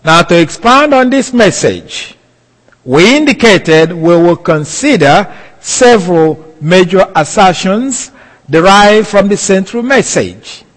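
Slow, lively-voiced man preaching. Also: high voice, long reverb tail, rough recording. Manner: slow, deliberate, emphatic preaching. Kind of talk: sermon.

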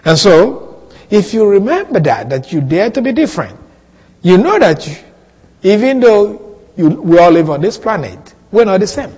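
A male pastor preaches in a high, lively voice that swoops up and down as he leans on repeated phrases for emphasis. His tone is husky, and a long hall reverb trails behind each line. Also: moderate pace. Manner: expressive, swooping delivery with emphatic repetitions. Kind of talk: sermon.

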